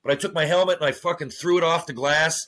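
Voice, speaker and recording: A man, a former hockey player, telling profane, animated stories in a casual podcast interview. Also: on the high side, fast talker. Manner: profane, animated storytelling with acted-out quotes.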